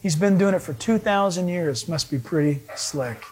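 High, animated preaching man. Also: normal speed. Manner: animated storytelling, acts out voices of people he met. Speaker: pastor. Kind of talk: sermon.

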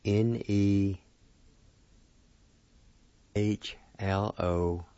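A man's voice: fairly low pitch, flat delivery, dark tone, clean tone, dry recording, dull audio. A man giving a weekly radio language lesson, spelling out each word carefully and repeating it. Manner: slow, careful spelling and repetition of words.

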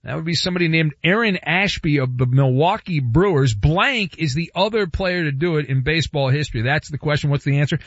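A man's voice: on the high side, fairly quick, few pauses, a bit bright, dry recording. A man hosting a sports radio show, bantering loosely and cracking jokes. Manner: wisecracking, loose, playful. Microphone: studio microphone. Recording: slightly dull broadcast audio.

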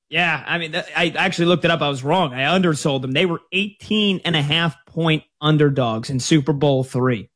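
A man hosting a sports talk radio show, his voice sitting a bit on the high side. He talks in a loose, conversational way, telling stories and taking callers. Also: normal speed. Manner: conversational, lively storytelling.

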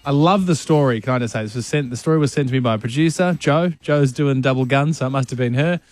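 An Australian man co-hosting a radio show, playful and quick to laugh, skimming over details in his stories. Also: medium pitch, soft background music. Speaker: radio co-host. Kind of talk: casual radio banter. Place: radio studio.

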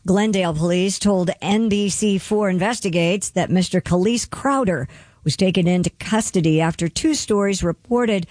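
A woman's voice: medium pitch, moderate pace, a little mellow, no echo. A woman reading the news desk segment on a morning radio show.

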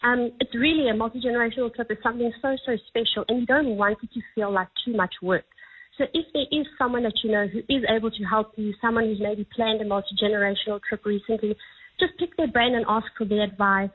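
A woman's voice: on the high side, steady tone, fast, breathy edge. A woman giving travel advice as a radio guest, friendly and full of fillers. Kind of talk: phone-in radio interview. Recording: tinny phone line.

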